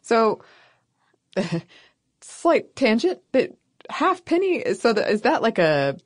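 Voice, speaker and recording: A woman's voice: a little high, big pitch swings, takes it slowly, no room sound, clean studio sound. A woman co-hosting a podcast who reacts with short, wry quips and questions. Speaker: podcast co-host. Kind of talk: casual chat.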